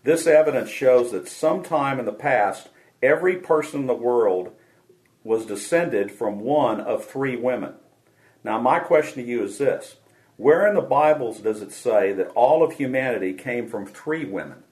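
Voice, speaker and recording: A man hosting a radio show, reading a scripted dialogue aloud in a measured way. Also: medium pitch, animated, a little mellow, rough recording.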